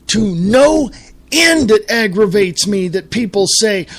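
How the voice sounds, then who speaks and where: A man's voice: high voice, animated, takes it slowly, fairly bright tone. A middle-aged man from the United States hosting a talk radio show, reading quotes aloud and ranting with profanity. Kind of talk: angry political commentary.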